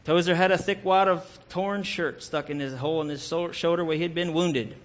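Earnest male storyteller, slightly high voice. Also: fairly even intonation, brisk. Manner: earnest, with occasional self-corrections. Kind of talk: dramatic historical storytelling.

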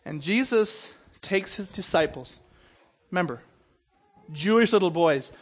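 A man preaching a sermon who stumbles and repeats the starts of words, keeps asking "okay?", and swings between loud emphatic bursts and quiet low asides. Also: lively intonation, unhurried, slightly rough. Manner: stumbles and repeats opening sounds, checks in with "Okay?".

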